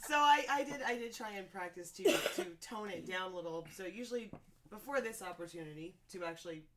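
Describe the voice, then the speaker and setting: A woman's voice: mid-range voice, animated, fairly quick, heavy background noise. A woman from South Jersey with a South Jersey accent, a voice actor guest chatting casually and laughing often in an interview. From South Jersey, United States.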